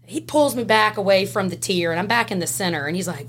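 A woman with a Louisiana Southern accent, a podcast guest telling a story in casual, animated fashion, laughing and swinging between loud and hushed. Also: mid-range voice, quick pace. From Southern United States. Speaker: podcast guest, former prison classification officer.

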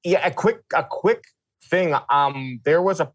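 A man's voice: a little high, expressive, unhurried, no room sound. A Canadian man co-hosting a podcast in casual chat, hesitant and often restarting. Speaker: podcast co-host.

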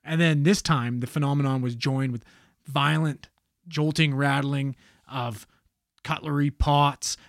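A man casually retelling a spooky story on a podcast, animated and swearing freely. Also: a little high, measured pace, creaky, dry recording, clean studio sound. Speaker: podcast co-host telling a story.

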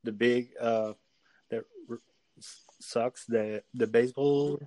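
Slow, hesitant man searching for words. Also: mid-range voice, steady tone, darkish tone, no echo. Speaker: sports photographer guest. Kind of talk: casual interview chat.

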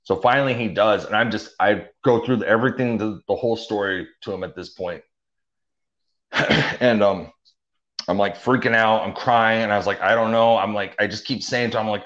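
The fairly low, fairly bright voice belongs to a young man speaking at a moderate pace as an interview guest. He recounts his story casually and ramblingly, with many fillers and restarts, in dull lo-fi sound.

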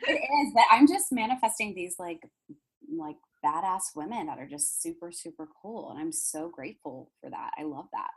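A woman, a podcast guest telling stories in animated chat and acting out other people's lines. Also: lowish voice, moderate pace, breathy edge, rough recording. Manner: animated, acts out others' voices, fillers and restarts. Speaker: podcast guest, manifesting coach. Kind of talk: casual storytelling chat.

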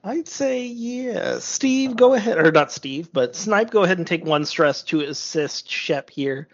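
Laid-back game master, lively pitch. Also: unhurried. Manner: relaxed, laughing, lots of filler words. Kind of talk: running a tabletop game. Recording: slightly dull lo-fi audio.

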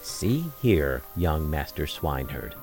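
A man's voice: very deep voice, big pitch swings, slow pace, soft background music, voice pushed down, heavily acted. A man playing a cunning shoemaker. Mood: persuasive. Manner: wheedling and persuasive, cries out loudly when tricking. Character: cunning, quick-witted male village shoemaker.

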